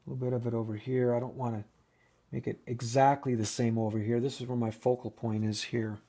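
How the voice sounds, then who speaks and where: A man's voice: medium pitch, flat delivery, fairly quick, dark tone. Chatty man teaching oil painting. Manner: chatty, thinks aloud, restarts sentences while working. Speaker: painting instructor. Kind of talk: casual painting demonstration.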